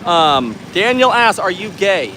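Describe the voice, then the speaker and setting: A man's voice: high voice, sing-song, unhurried, pushed and bright, slight background noise. A man from the United States hosting a live stream, joking and laughing as he reads viewer comments aloud, recorded on a handheld camera outdoors. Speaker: livestream host reading chat. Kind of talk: casual live chat. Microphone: handheld camera mic.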